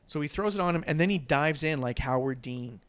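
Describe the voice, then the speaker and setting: Podcast co-host, male, slightly higher voice, animated storyteller who acts out quotes. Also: a little fast, clear, resonant tone. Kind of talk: casual wrestling recap chat.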